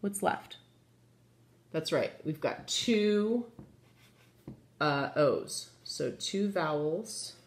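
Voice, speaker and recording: A woman's voice: low voice, animated, drawn-out words, pauses often. Patient woman teaching phonics, echoey room. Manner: patient, encouraging, asks the class questions. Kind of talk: children's phonics lesson.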